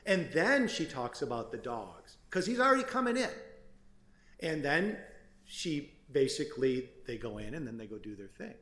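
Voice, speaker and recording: A man's voice: mid-range voice, very animated, normal speed, a bit bright. Emphatic male attorney in an echoey courtroom. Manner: earnest, emphatic, frequent restarts. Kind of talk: appellate oral argument.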